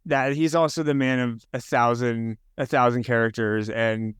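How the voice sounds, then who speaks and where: A man hosting a podcast interview, relaxed and encouraging, who drops quick replies while his guest talks. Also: mid-range voice, smooth, no echo, studio quality. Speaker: podcast host. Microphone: headphones and podcast mic.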